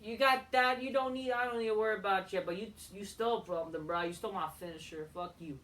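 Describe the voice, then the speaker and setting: A woman's voice: mid-range voice, fast talker. A woman heatedly ranting as a wrestling show reviewer, swearing often and rambling between points. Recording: voice a bit far from the mic.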